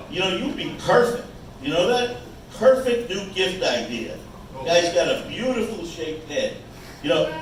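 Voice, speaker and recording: Wisecracking stand-up comic in an echoey club. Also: male voice, fairly high pitch, recorded from a distance, noisy background. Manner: wisecracking, teasing the crowd, halting restarts. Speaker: stand-up comedian. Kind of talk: stand-up comedy set. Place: small brewery club stage. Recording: echoey room, mic heard from afar.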